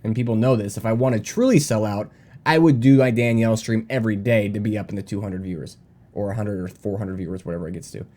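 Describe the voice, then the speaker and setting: A man's voice: lowish voice, fast talker, mellow. Defensive, rambling young male streamer. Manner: defensive and rambling, reading chat aloud. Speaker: game streamer. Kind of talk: live stream commentary.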